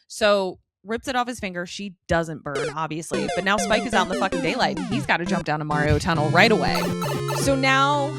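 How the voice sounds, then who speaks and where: Low-voiced woman recapping TV animatedly. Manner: animated storytelling, slips into quoted voices, swears. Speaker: podcast co-host. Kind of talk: casual chat, episode recap.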